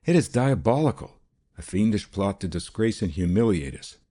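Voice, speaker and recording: A man's voice: fairly low pitch, lively intonation, normal speed, warm tone. A man reading an audiobook, voicing a hot-tempered, hysterical man who rants. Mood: furious. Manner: ranting, overwrought.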